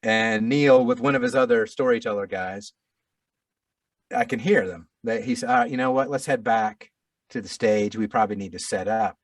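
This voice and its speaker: A middle-aged man, an audiobook narrator, telling a story in a casual interview, animated and self-deprecating with frequent restarts. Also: on the low side, normal speed, creaky, no room sound, recorded from a distance.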